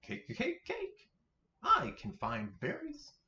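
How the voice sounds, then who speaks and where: A man's voice: very high voice, huge pitch swings, slow, pushed and bright, pitched above the performer's own voice, exaggerated voice. A man voicing a tiny, stubborn young girl rabbit who talks in short, clipped, insistent bursts in a storybook reading. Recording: roomy, slightly dull sound.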